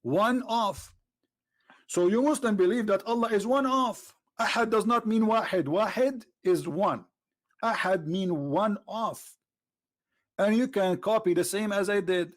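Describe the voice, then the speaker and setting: A man argues with a caller on a live web show. He sits a bit high in pitch and mocks the caller, cutting him off again and again. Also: unhurried. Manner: mocking, talks over the caller, switches to a low aside voice. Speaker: host. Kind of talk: debate with a caller.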